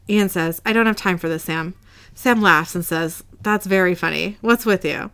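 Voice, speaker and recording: A woman's voice: on the low side, normal speed, fairly bright tone, clean tone. A woman co-hosting a casual podcast at home, retelling show scenes, reading lines plainly and laughing often. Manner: retells scenes, reads quotes in a plain voice, giggly. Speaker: podcast co-host recapping an episode. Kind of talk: casual chat and episode recap. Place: home room.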